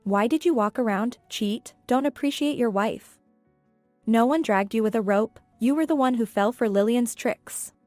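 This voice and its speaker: A woman voicing a cold, smug male company boss who talks in a coolly taunting, measured way. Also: a little high, a little mellow, no room sound, soft background music, close to an everyday voice. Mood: mocking.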